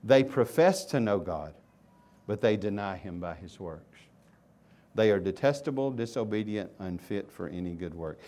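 A man preaching a sermon as pastor, moving between loud emphatic questions and quiet, hushed asides. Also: on the low side, animated, moderate pace. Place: church sanctuary.

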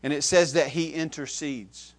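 Emphatic preacher, fairly high male voice. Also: fairly even intonation, normal speed. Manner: emphatic preaching, swings from loud stresses to soft low asides; repeats key phrases, addresses listeners directly. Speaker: pastor. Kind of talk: sermon.

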